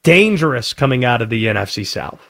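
A man hosting sports talk radio with an energetic, emphatic delivery. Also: medium pitch, fairly quick, gravelly.

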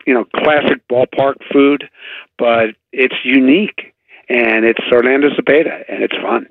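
Male baseball writer, radio guest, gravelly tone, dry phone-line sound, chatty and halting. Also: mid-range voice, fairly even intonation, dry recording. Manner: chatty, halting, sarcastic asides. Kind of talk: casual radio sports chat.

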